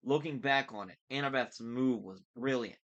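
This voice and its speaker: A man reading a novel aloud in a relaxed, casual way, stopping now and then to correct slips. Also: medium pitch, moderate pace, dull audio. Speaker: book reader. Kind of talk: casual read-aloud narration.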